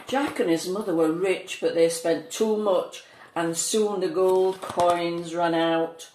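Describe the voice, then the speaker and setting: A woman reading a picture book aloud to a child, gently pointing out the pictures as she goes. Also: on the low side, fairly even intonation, slow. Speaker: storyteller. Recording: echoey room, faint noise.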